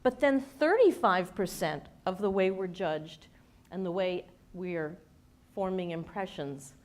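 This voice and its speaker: Lively woman coaching an audience. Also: lowish voice, measured pace. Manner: lively, playful, asks the audience questions; demonstrates speech habits with her own voice. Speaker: communications expert and speaker. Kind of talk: workshop presentation to a live audience.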